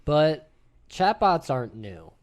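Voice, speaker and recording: A man in his thirties hosting a podcast, telling a story to friends in an animated, casual way and swearing freely. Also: fairly high pitch, takes it slowly. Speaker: podcast host. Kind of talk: casual group chat.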